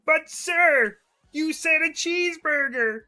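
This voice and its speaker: A man voicing a nervous frog puppet who pleads and apologizes in a very high voice. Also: slow pace, bright, forceful tone, full character voice. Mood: pleading.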